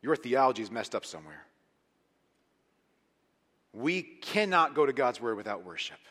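A man preaching a sermon as pastor, animated and emphatic, dropping to hushed lines and rising to loud ones. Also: medium pitch, moderate pace. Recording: long hall reverb.

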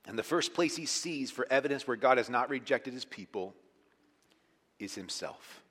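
A man preaching a sermon as pastor, animated and emphatic, dropping to hushed lines and rising to loud ones. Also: medium pitch, normal speed. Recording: long hall reverb.

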